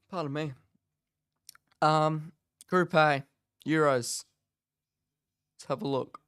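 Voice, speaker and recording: A man hosting a casual live watch-along, chatting and rambling with bursts of excitement as he reacts to the match from his office. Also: a little high, slow pace, long pauses, smooth, dry recording, studio quality.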